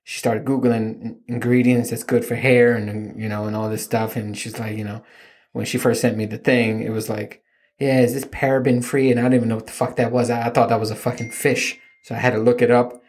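A man's voice: lowish voice, little pitch movement, fairly quick, a little mellow. A man in his thirties hosting a podcast, telling rambling, self-mocking stories about his kids in a casual, profane, joking way. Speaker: podcast host. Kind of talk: casual comedic storytelling.

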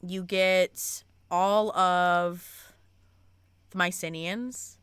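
Bright-voiced young woman gushing casually. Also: on the low side, very slow, smooth, no room sound. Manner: excitable, swears freely, gushes. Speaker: podcast co-host. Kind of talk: casual book chat.

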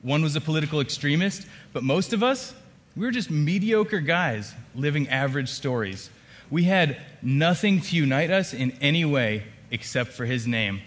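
Expressive male storyteller, echoing hall. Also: fairly high pitch, normal speed. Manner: expressive, emphatic storytelling with wry asides. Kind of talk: dramatic first-person monologue. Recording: long hall reverb.

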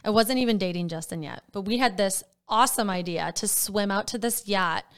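A young woman co-hosting a casual podcast, telling stories in an animated way with sudden high jumps. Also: a little fast, smooth. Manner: animated storyteller, voice jumps high when excited. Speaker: podcast co-host. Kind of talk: casual chat.

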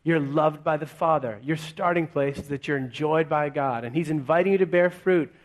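A man's voice: a little high, moderate pace. A male pastor preaching to a congregation in church. His voice sits a little above the usual male range, and he keeps it conversational, asking the room question after question. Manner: conversational, full of rhetorical questions. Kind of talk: sermon.

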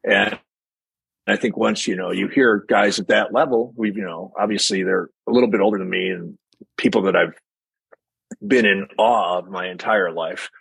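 Husky-voiced man telling candid stories. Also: on the low side, moderate pace, a bit bright, no room sound. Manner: candid storyteller, laughs often, acts out quotes. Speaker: guest drummer. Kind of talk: casual interview chat.

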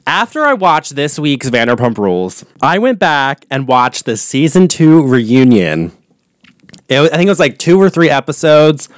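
A man's voice: a little high, clean tone, no room sound, clean studio sound. A man hosting a solo podcast, chatting casually and gossiping animatedly about reality television, swearing freely. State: voice going hoarse. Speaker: podcast host. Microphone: studio podcast mic.

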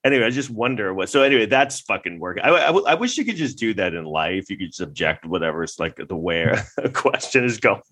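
A man's voice: on the low side, sing-song, fairly quick, fairly bright tone, husky. A male vlogger in casual commentary, rambling, swearing freely and breaking into laughter often.

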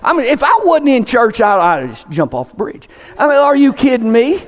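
A pastor delivers an emphatic sermon, his voice pitched high for a man. He pushes his points hard and climbs toward near-shouts. The sound rings with the long reverb of a church hall. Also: very animated, normal speed. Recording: echoey hall.

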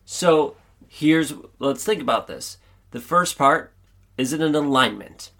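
A man hosts a motivational podcast, talking straight to his listeners in an upbeat, chatty pep-talk manner. His voice sits slightly above the usual male pitch. He sounds earnest and encouraging. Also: expressive, slow pace, gravelly, fairly bright tone. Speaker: podcast host. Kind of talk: motivational solo podcast monologue.

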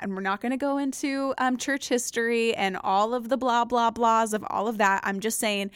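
A woman's voice: on the high side, steady tone, normal speed, hardly any pauses, clean tone, dry recording. A woman hosting a podcast, reading a Bible passage and teaching on it in an earnest, conversational way with emphatic stresses. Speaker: podcast host.

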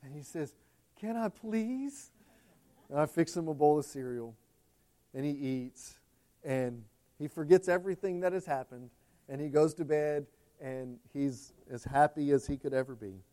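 Male pastor, fairly high voice, impassioned preaching that swings from hushed to loud. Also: steady tone, normal speed. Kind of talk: sermon.

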